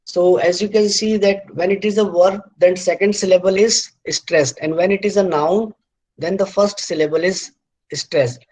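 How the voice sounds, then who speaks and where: A middle-aged man with a high-pitched voice gives a university lecture. He talks haltingly, with many fillers and restarts, and says example words over and over to show where the stress falls. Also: steady tone, a little mellow, low-quality recording.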